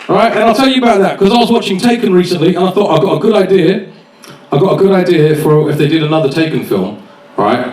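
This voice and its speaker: A man's voice: high-pitched, sing-song, a little fast. A man doing a stand-up set, chatty and swearing as he acts out little scenes. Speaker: stand-up comedian. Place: comedy club stage with live audience. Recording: echoey venue, distant mic, faint noise.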